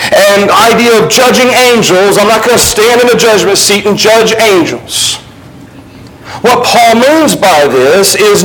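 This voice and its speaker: Man preaching, somewhat high voice, verse-by-verse teaching, faint background hum. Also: low-quality recording. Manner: expository, reads scripture aloud and explains it; shifts between low, quiet emphasis and raised, quicker passages. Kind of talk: sermon.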